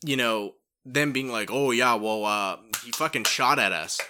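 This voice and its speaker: A man's voice: medium pitch, normal speed. A man co-hosting a casual podcast, agreeing easily and adding swearing asides. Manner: relaxed, agreeable, chimes in with profane asides. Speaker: podcast co-host.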